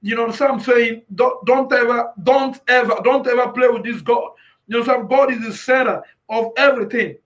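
A man in the music business giving an emotional personal testimony, near tears, who keeps repeating "you understand?" and breaks into shouted praise. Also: very high-pitched, steady tone, brisk, lo-fi sound. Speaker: music industry professional.

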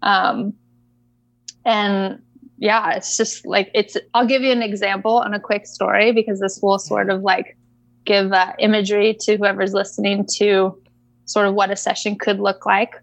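A woman's voice: medium pitch, little pitch movement, moderate pace, gravelly, no echo. A woman equine coach telling a story in a casual interview, chatty and full of fillers.

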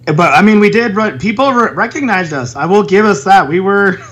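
Animated man chatting casually. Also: high voice, brisk. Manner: animated, laughs often, puts on silly voices. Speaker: podcast co-host. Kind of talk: casual chat.

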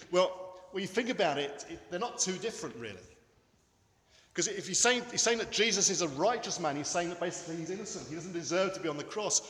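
A man preaching a sermon in a church, earnest and emphatic, with dramatic pauses. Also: sits high, animated, fairly bright tone. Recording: echoey hall with long reverb.

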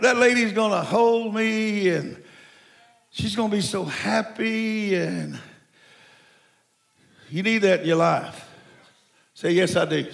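Man, 70s, from Mexico. Preacher giving a sermon. Raised, gravelly delivery with folksy stories and sudden shouting. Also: sits high. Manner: folksy, animated storytelling with bursts of shouting.

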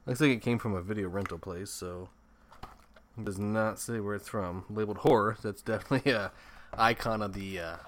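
A man's voice: on the low side, a little fast. Swearing, rambling movie-review guy. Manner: profane, rambling, laughs often. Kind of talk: casual chat.

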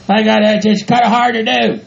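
A man doing a gravelly cussing hillbilly rancher. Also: high voice, flat delivery, a little fast. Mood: grumbling. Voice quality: gravelly, exaggerated country hick voice. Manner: grumbles, swears, keeps repeating "by God". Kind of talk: comedy audio skit. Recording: dull lo-fi home recording.

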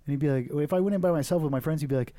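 A man's voice: fairly high pitch, rapid-fire, dark tone, no room sound. Ask for a crude, joking young man podcast host. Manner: crude, joking, acts out voices with laughs. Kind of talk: casual comedic chat.

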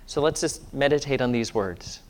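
Soft-spoken man preaching a sermon. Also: mid-range voice. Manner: calm, slows to a soft hushed voice when leading meditation. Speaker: pastor. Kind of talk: sermon with guided meditation. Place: church sanctuary.

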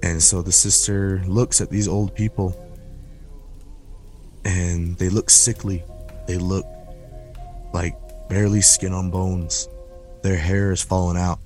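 A man with a very low voice tells a scary story on a podcast. He builds suspense slowly and repeats words for effect. Music plays clearly beneath his voice. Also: level tone, darkish tone. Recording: music playing under the voice.

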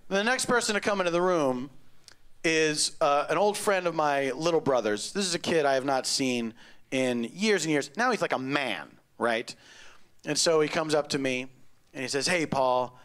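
Man, stand-up comic, sharp bright voice, slightly high, wry deadpan delivery, middle-aged. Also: moderate pace. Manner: wry, deadpan storytelling with sudden loud outbursts. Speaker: stand-up comedian. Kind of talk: stand-up comedy set. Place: comedy club stage before a live audience.

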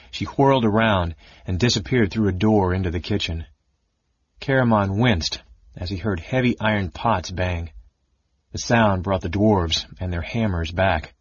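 A man narrating a fantasy audiobook in an expressive, steady storytelling manner. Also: low voice, slightly rough, no echo. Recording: dull lo-fi audiobook recording.

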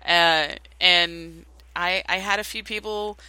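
A woman co-hosting a casual talk show, chatting in an upbeat way with quick asides. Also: lowish voice, steady tone, sharp tone, smooth, dry recording. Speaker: podcast co-host. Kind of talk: casual chat. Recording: dry close sound.

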